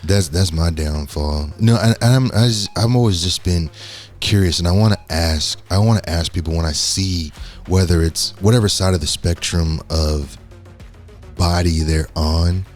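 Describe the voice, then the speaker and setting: Deep-voiced joking podcast co-host, a man. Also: moderate pace, soft background music. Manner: joking, frank, slangy. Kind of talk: casual chat.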